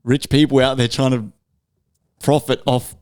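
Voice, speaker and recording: A man co-hosting a podcast, chatting casually and retelling stories in a sweary, animated way. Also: mid-range voice, measured pace, clear, resonant tone. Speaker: podcast co-host.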